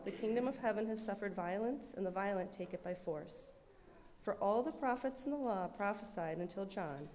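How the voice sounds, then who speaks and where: Woman reading scripture in a church. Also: medium pitch. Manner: measured, steady reading. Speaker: scripture reader. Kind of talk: formal reading aloud. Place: church sanctuary. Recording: church reverb with faint hum.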